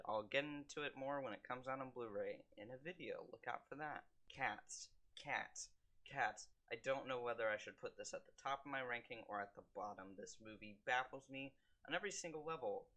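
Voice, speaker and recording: A young man reviewing films in a casual monologue, with quick wry asides and deadpan jokes. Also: medium pitch. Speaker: film vlogger.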